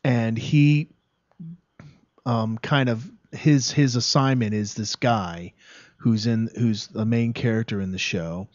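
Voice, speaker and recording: A man's voice: mid-range voice, takes it slowly, no echo. Rambling man in a dull, dry recording. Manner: rambling, many fillers and restarts. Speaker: actor guest. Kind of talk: casual interview chat.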